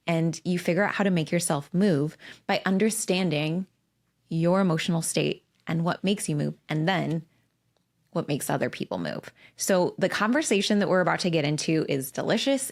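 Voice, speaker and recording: A woman's voice: on the low side, darkish tone. A woman in her forties hosting a casual solo podcast, candid and emphatic, swearing freely as she talks. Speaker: podcast host and coach.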